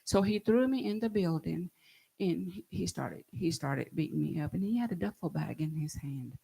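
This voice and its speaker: A woman, telling her own story in a halting, hushed and earnest way. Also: on the low side, creaky, husky, poor audio. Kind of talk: recounting a personal story.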